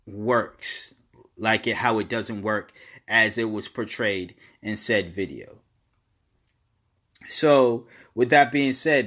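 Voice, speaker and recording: A man giving casual opinion commentary alone, halting and repeating words, then pressing his points with emphasis. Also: medium pitch, a bit bright.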